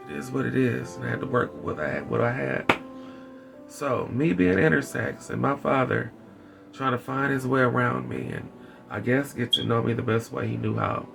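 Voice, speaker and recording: A man vlogging a candid personal story with wry dark humor, rambling and repeating his phrases. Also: fairly low pitch, creaky. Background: background music.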